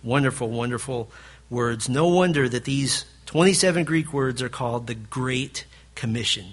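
A man preaching as a pastor, delivering a sermon with emphatic swings between forceful declarations and hushed, quiet passages. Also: mid-range voice, moderate pace.

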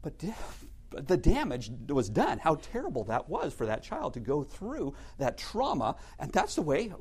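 A man's voice: fairly high pitch, darkish tone, slightly rough. A man teaching an adult Sunday school class in a conversational way, asking rhetorical questions and acting out stories.

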